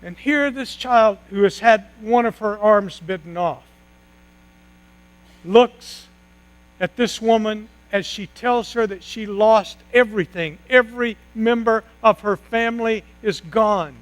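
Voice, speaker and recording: A man preaching a sermon, retelling a story dramatically with long pauses and sudden hushed drops. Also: high voice, low-quality recording. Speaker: pastor.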